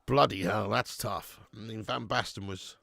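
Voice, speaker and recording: Gravelly man hosting a watch-along. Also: lowish voice, moderate pace, sharp tone, dry recording, studio quality. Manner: casual, swearing, chatty. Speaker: host. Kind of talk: live football watch-along commentary.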